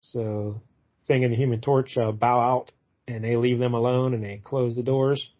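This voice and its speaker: A man co-hosting a podcast, retelling a comic book in a casual, rambling way, often pausing on "uh". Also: medium pitch, fairly even intonation, muffled recording. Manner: rambling, fills gaps with "uh", acts out quotes loosely. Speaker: podcast co-host.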